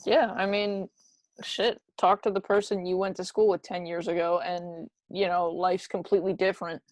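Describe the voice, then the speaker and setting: A woman's voice: fairly low pitch, little pitch movement, moderate pace, no room sound. A woman co-hosting a casual podcast chat, talking in an earnest, encouraging way. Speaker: podcast co-host.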